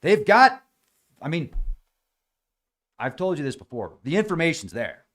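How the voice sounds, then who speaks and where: A podcast host rambles through a casual monologue with a slightly higher-than-average voice. He's sarcastic and keeps slipping into mocking impressions of gullible people, and his mouth sounds a bit dry up at altitude. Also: big pitch swings, a little slow, pauses often, fairly bright tone. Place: high elevation in the mountains.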